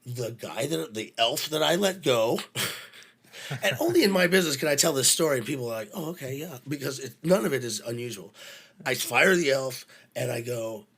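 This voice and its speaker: A production manager chatting casually, bluntly retelling a work story, swearing freely and playing both sides of each conversation. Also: male voice, mid-range voice, expressive, moderate pace, creaky, a bit bright, slightly rough.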